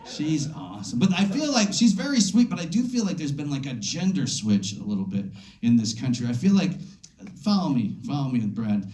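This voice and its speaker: A man doing a stand-up set at a comedy club, rambling, calling out to audience members, and jumping into high silly voices for quotes. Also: big pitch swings, a little fast, warm tone. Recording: echoey club room. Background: audience laughter.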